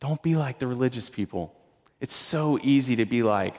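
A male pastor in his thirties gives a casual, conversational sermon. His voice sits at an ordinary pitch and rings out with a long reverb, as in a large hall. He restarts his words often and swings from urgent emphasis to quiet, hushed asides. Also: moderate pace.

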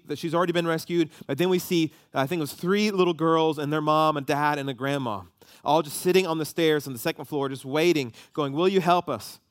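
A man, preaching a sermon and telling a story with lively emotion. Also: a little high, no echo, studio quality. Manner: animated storytelling, voices rising with emotion.

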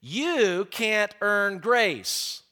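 A middle-aged man preaching a sermon, stressing key phrases slowly and often repeating words as he talks. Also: high voice, very animated, pushed and bright.

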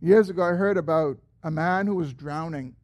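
A man preaching a sermon as pastor. He is earnest, lifts his voice when he quotes a prayer, and drops low and slow at the end of phrases.

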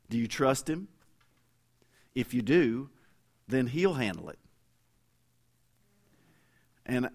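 A middle-aged man preaches from the pulpit in a relaxed, conversational manner. He weaves family anecdotes into the sermon and talks straight to his listeners. His voice sits at an ordinary middle pitch. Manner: folksy, conversational storytelling with asides to the congregation. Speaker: pastor.

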